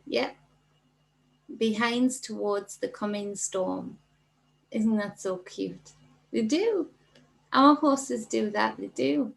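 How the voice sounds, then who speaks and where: A woman's voice: medium pitch, takes it slowly, creaky, long pauses, low-quality recording. A middle-aged woman with a Geordie accent hosting a casual livestream as a spiritual coach, reading out viewer comments and greeting people by name in an affectionate, chatty way. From North East England.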